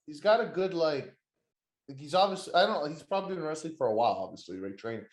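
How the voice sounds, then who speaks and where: A man's voice: a little high, animated, fast talker, echoey room. Rambling, crude man hosting a wrestling podcast. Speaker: podcast host. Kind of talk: casual wrestling podcast chat.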